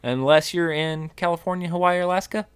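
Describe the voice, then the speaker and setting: A man's voice: a little high, quick pace, clear, resonant tone, dry recording. A middle-aged man, co-hosting an outdoors podcast and explaining at length with frequent restarts and fillers. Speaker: podcast co-host, wildlife biologist. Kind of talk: casual podcast chat.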